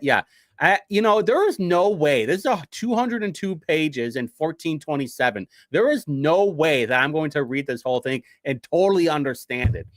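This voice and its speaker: A man's voice: fairly high pitch, fairly bright tone, no room sound, studio quality. A man from hosting a show, reading from documents in a casual, sarcastic, rambling way with frequent self-interruptions. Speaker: show host.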